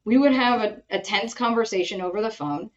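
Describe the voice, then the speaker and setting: A woman's voice: medium pitch, fairly quick, highs cut off. A woman hosting a podcast, telling stories in casual chat and acting out the voices she quotes. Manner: animated storytelling, acts out quoted voices. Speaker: podcast host.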